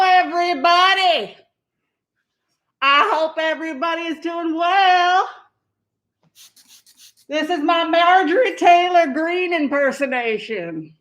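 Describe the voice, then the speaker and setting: A woman's voice: very high-pitched, voice pushed up, heavily acted. Woman doing a whooping, giddy party politician. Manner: whooping, shouting, giddy and loud. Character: rowdy, boisterous woman politician partying, female, adult. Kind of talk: comic impression.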